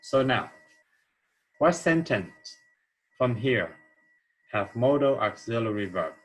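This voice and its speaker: A man's voice: medium pitch, animated, slow, slightly rough, rough recording. A man teaching an English grammar lesson, explaining answers step by step and checking in with "okay?" as he goes.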